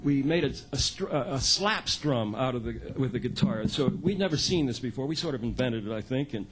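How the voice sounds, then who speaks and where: A man's voice: medium pitch, lively intonation, fairly quick, crowd noise. A man in his sixties, a folk singer telling loose, chatty stories from a club stage and chuckling at his own anecdotes. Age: 60s. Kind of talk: onstage storytelling monologue.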